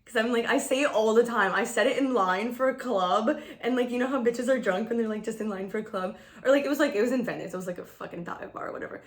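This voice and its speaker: A woman's voice: fairly high pitch, fast talker, hardly any pauses, a little hiss or hum. A woman vlogger chatting casually while getting ready, slangy and profane, laughing often. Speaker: beauty vlogger. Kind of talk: casual get-ready-with-me chat.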